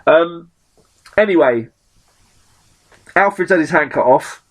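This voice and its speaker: A man hosting a podcast, chatting casually about comic books, animated and swearing often as he acts out characters' lines. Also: a little high, slow. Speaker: podcast host. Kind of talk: casual comic book chat.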